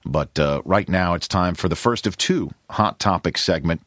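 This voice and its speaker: Man, podcast host, deep voice, quick recaps and wrap-ups. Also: fairly bright tone, no echo, clean studio sound. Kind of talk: interview and show hosting.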